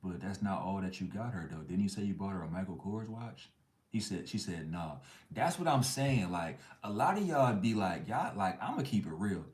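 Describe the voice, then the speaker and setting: A man's voice: low voice, animated, moderate pace, darkish tone, roomy sound. A man hosting a live chat stream, ranting bluntly in heavy slang. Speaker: livestream host.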